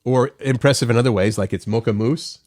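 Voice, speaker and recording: A man's voice: medium pitch, a little fast, a little mellow, no room sound, clean studio sound. A man co-hosting a morning show, bantering casually and reading out fun facts with playful jokes. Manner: joking, reads facts aloud with playful asides.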